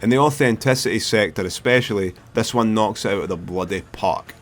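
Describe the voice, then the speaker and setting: Blunt Scottish man with a low voice. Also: a little fast, faint music behind. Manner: blunt, sweary, opinionated. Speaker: film reviewer host. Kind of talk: scripted commentary.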